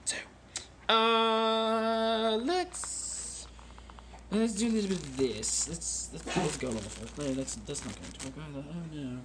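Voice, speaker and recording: A man hosting a casual wine-tasting vlog at home in a deliberately put-on British accent, joking and rambling about himself while recording on a phone. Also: on the high side, fairly bright tone, slight background noise. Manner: jokey, rambling and self-mocking.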